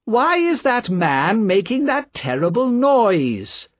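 A man's voice: very high-pitched, huge pitch swings, slow, dry recording, pitched above the performer's own voice, full character voice. A man voicing a cold, haughty aristocrat, disdainful and icy, in a dry, slightly dull recording. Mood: cold contempt.

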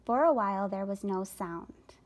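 A woman reading a children's book aloud for a school, calm and even. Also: medium pitch, normal speed. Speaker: story reader for a school. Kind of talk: read-aloud storytelling.

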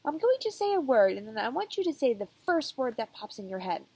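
Calm, curious storybook psychiatrist; voiced by a woman reading aloud, measured and coaxing. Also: on the high side, slightly rough, no echo, voice pushed up, full character voice. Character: calm, patient male school psychiatrist with a beard.

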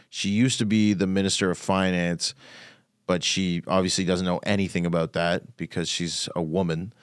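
A man's voice: sits low, clear, resonant tone, no echo, studio quality. A comedian hosting his own podcast, ranting bluntly and profanely in a casual solo talk. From Canada.

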